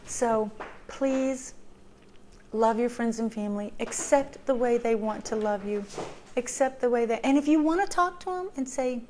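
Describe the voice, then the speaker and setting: A woman's voice: fairly high pitch, normal speed, a little mellow, a little hiss or hum. A woman in a heartfelt personal talk, sharing advice in an earnest, emotional way, with many ums and repeated phrases for emphasis. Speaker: vlogger sharing recovery advice.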